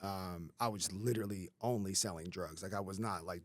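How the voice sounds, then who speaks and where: A man's voice: low-pitched, moderate pace, dry recording, studio quality. A man in his thirties telling his life story on a podcast, casual and rambling, with many fillers and swearing. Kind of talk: candid conversational storytelling.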